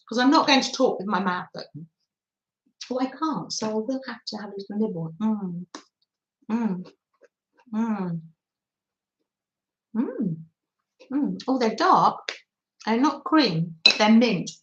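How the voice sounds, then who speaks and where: A woman's voice: mid-range voice, muffled recording, slight background noise. Chatty, giggly woman in an echoey room. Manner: chatty, giggly, reads out viewer comments. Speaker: craft livestream host. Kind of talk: casual live chat with viewers. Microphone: phone.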